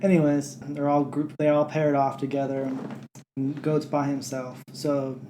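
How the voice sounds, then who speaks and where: Woman, podcast host, low voice, chatty, sarcastic movie recap. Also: little pitch movement, measured pace, mellow, a little hiss or hum.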